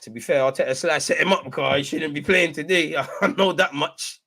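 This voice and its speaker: Young man, live football watchalong, excitable, yells at the ref, slightly high voice. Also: brisk, creaky. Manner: excitable, shouts at the referee and players. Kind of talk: live fan commentary.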